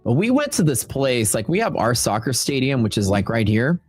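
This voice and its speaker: A man's voice: medium pitch, very animated, moderate pace, darkish tone, husky, no echo, faint music behind. A man from Texas with a Texan accent, hosting a trading livestream in a laid-back, rambling way. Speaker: trading stream host. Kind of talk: casual livestream chat.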